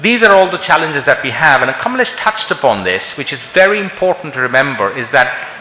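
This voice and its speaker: A man's voice: on the high side, sing-song, fairly quick, sharp tone, a little hiss or hum. A middle-aged man from India giving a conference lecture as a doctor, talking in a conversational way full of rhetorical questions. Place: large conference hall. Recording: echoey hall with long reverb.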